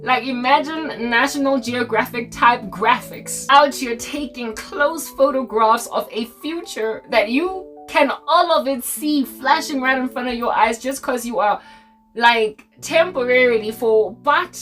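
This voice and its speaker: A young South African woman with a South African accent, giving a casual, animated Christian talk full of jokes and asides. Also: a little high, measured pace, soft background music. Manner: animated, code-switching, jokey. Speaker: Christian video creator. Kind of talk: casual preaching monologue.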